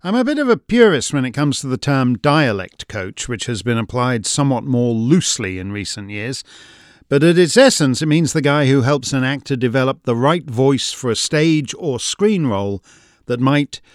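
Emphatic man with a lively, dry voice. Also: mid-range voice, normal speed, dry recording. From Canada. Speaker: commentary host. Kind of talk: scripted commentary.

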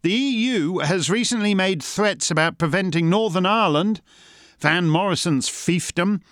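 A man's voice: sits high, moderate pace, fairly bright tone, dry recording, clean studio sound. A man hosting a satirical monologue, sardonic and mocking in manner. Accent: Canadian. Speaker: host.

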